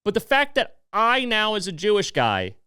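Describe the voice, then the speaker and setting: A man's voice: sits high, wildly swooping pitch, normal speed, bright, forceful tone, clean tone, dry recording, studio quality. An American man hosting a political podcast, ranting heatedly and swearing freely. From United States. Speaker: podcast host.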